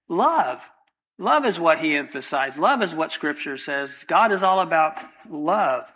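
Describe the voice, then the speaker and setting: A man's voice: a little high, lively intonation, unhurried, bright, forceful tone, rough recording. A man preaching a sermon, earnest and emphatic, repeating key points and asking rhetorical questions. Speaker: pastor.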